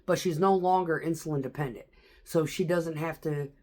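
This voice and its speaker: A middle-aged woman chats through a rambling story, swearing freely and breaking into laughter. Her voice sits a little low for a woman. She talks like she's catching up with a friend. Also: steady tone, normal speed, mellow. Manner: chatty, profane, laughs often. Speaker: vlogger. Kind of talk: casual storytelling vlog.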